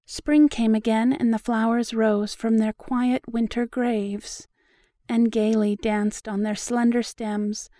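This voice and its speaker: Woman narrator reading a poem, slow and steady, fairly high voice, dry close sound. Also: no echo. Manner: slow, even, measured recital. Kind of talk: reading a story poem aloud.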